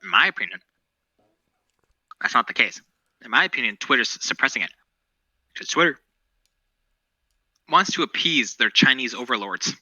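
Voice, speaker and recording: A man's voice: mid-range voice, animated, moderate pace, long pauses, pushed and bright, no echo, rough recording. A man co-hosting a podcast, chatting casually about current events in a rambling, profane, opinionated way. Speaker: podcast co-host.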